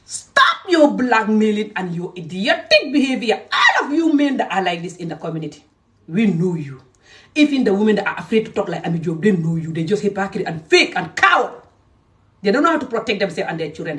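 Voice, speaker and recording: A woman's voice: medium pitch, big pitch swings, brisk, a bit bright, far from the mic. Brief: confrontational woman vlogger, scolding and repetitive, set back from the mic. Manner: scolding and confrontational, repeating points. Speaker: social media commentator. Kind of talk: angry vlog rant.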